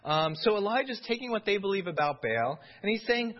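Animated preacher, man, lively pitch. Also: fairly quick, few pauses, muffled recording. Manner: animated, conversational, keeps asking "right?". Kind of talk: sermon.

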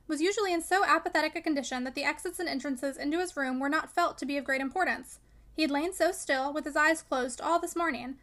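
A woman reading a classic novel aloud in steady scripted narration, voicing the dialogue quietly. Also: high-pitched. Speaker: audiobook reader.

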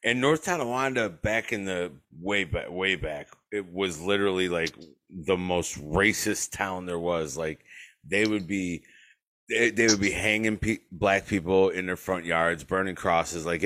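Man, very low voice, casual podcast storytelling, profane, laughs often, acts out quoted voices. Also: sharp tone. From western New York. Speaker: podcast host. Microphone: remote call.

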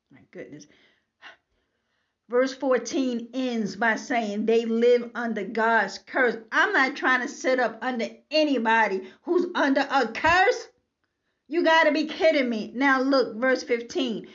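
Woman Bible teacher, unhurried, emphatic, keeps asking "okay?", muffled low-fi sound. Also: fairly bright tone. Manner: emphatic, repeats "okay?" to the listener. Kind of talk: preaching commentary on scripture. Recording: slightly dull lo-fi recording.

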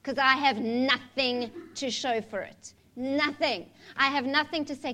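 A woman's voice: high-pitched, normal speed, few pauses, pushed and bright. A woman preaching a sermon in a candid, conversational way, mixing humor with scripture.

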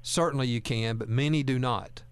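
A man's voice: mid-range voice, moderate pace, clear, resonant tone, dry recording. A man hosting a talk radio show, speaking in a folksy, earnest way and often repeating words as he goes. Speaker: radio host.

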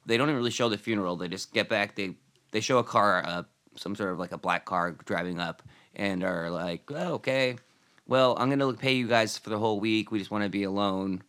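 This man, a podcast co-host with a fairly low, smooth voice, talks briskly about a TV episode in a casual chat. He rambles through the scenes, restarting often, using lots of fillers and slipping into quiet asides.

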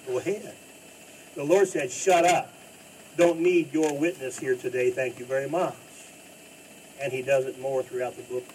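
A man preaching a sermon from the pulpit, swinging between loud emphatic bursts and quiet asides. His voice sits in an ordinary middle range. The mic picks him up from some distance, with a faint noise underneath. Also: medium pitch. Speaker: pastor.

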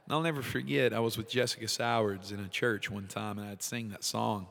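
A man's voice: fairly low pitch, fairly even intonation, a little fast, creaky, fairly bright tone, long reverb tail. A man hosting a devotional talk, speaking casually and from the heart, laughing often as he shares his faith. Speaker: podcast host, worship leader.

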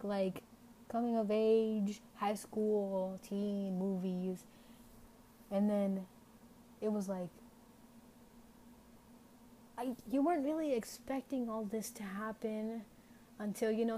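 A young woman with a medium-pitched, dark voice hosts an off-the-cuff podcast, speaking casually, candidly and with lots of "like" as she rambles. There's a bit of background noise.

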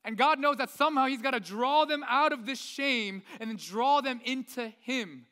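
A male pastor, around his thirties, preaching in a lively, conversational way with many rhetorical questions. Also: very high voice, moderate pace, smooth. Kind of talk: sermon. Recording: long reverb of a large hall.

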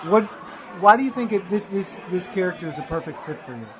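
A man hosting a casual interview, asking quick, prodding questions. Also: sits high, lively intonation, a crowd in the background. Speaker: podcast host.

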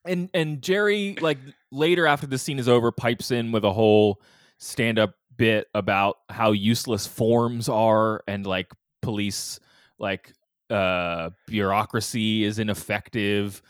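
A man co-hosting a podcast, chatting casually and acting out quotes in a mock high whiny voice. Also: measured pace, dry recording, studio quality. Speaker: podcast co-host.

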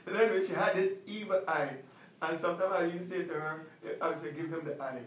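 A male pastor preaching a sermon, emphatic, repeating commands and slowing down to stress them. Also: sits high, steady tone, echoey room, recorded from a distance, rough recording.

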